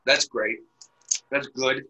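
A man's voice: medium pitch, fairly even intonation, takes it slowly, bright, forceful tone, dull audio. A man chatting casually and crudely with a friend, laughing often as he jokes. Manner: laughs constantly, crude and joking. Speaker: podcast co-host. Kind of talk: casual comedic chat.

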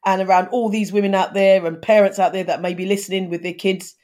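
A woman's voice: mid-range voice, fairly even intonation, fast talker, a little mellow. A woman in her fifties, a guest in an interview, talking earnestly and giving advice, with frequent restarts. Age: 50s. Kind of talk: conversational interview.

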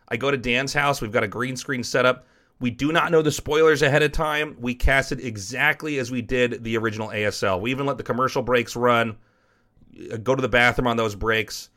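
Casual cursing runs through this frank, rambling personal story from an American podcast host and esports caster. His voice is medium in pitch and a bit bright.

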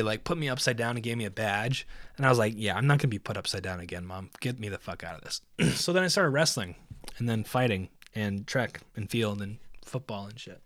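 A man's voice: mid-range voice, a bit bright, dry recording, clean studio sound. A young man hosting a podcast, telling profane, rambling stories in a casual solo monologue. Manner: profane, rambling storytelling with laughs. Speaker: podcast host.

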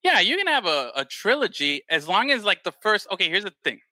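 A man co-hosting a casual chat, talking in an animated, rambling way with plenty of swearing. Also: sits high, brisk, no echo. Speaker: podcast co-host.

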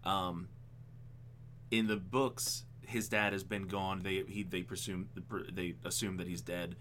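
A man co-hosting a casual podcast, talking animatedly about a film adaptation, with frequent ums and quick laughs. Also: low-pitched, little pitch movement, fairly bright tone, slight background noise. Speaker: podcast co-host.

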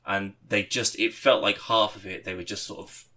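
Man, podcast co-host, casual chat, bright forceful tone, rambling storyteller. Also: on the low side, normal speed. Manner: rambling, animated storytelling with swearing and laughter.

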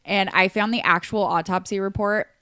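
Smooth-voiced woman chatting true crime. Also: medium pitch, fairly even intonation, moderate pace, fairly bright tone, dry recording, clean studio sound. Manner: chatty, many likes and restarts. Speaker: podcast co-host. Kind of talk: casual true crime chat.

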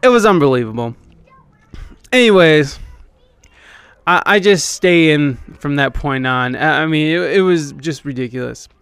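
A young man with a slightly high, smooth, clear voice tells a rambling, foul-mouthed story in a casual podcast monologue. He mocks himself as he goes, and the sound is close and dry, with no room around it. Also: expressive, measured pace, pauses often, fairly bright tone, no echo. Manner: rambling, profane, self-deprecating. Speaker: podcast host and band keyboardist.

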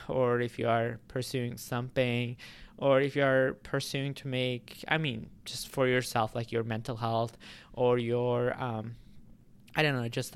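A man vlogging straight to his audience, his voice smooth and clear at a middling pitch. He rambles in a relaxed way, circling back with fillers and restarted phrases as he thinks aloud. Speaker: YouTuber. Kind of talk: casual vlog talk to camera.

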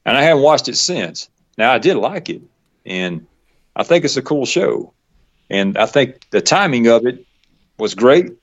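A man's voice: medium pitch, big pitch swings, measured pace. A middle-aged man with a Georgia Southern accent, chatting casually as a guest, rambling with fillers and frequent chuckles. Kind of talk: casual interview chat. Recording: dull lo-fi recording.

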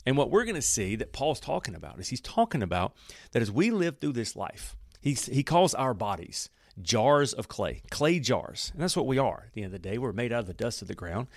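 A man teaching the Bible on a podcast, speaking at a middle pitch in a loose, conversational way. He backs up and rephrases as he goes. The sound is dry and close, with no room around it. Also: big pitch swings, a little fast, vocal fry, no room sound. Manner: warm, conversational storytelling with self-corrections.

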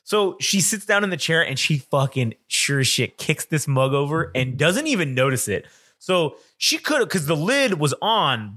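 Young man, casual podcast storyteller, lively pitch, slightly high voice. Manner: animated storyteller, acts out voices. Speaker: podcast co-host. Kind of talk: casual chat.

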